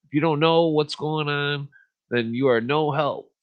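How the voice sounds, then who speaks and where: A male podcast host talks in a blunt, profane, rambling way, full of fillers and restarts, then reads passages aloud. His voice sits at an ordinary middle pitch. The sound is a little dull and lo-fi, like a home livestream. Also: unhurried. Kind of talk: casual ranting and reading aloud.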